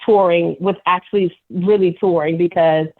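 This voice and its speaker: A woman comedian calling in as a guest, candidly telling animated stories about her work. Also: fairly low pitch, moderate pace. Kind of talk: phone interview storytelling. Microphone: telephone. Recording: tinny phone line.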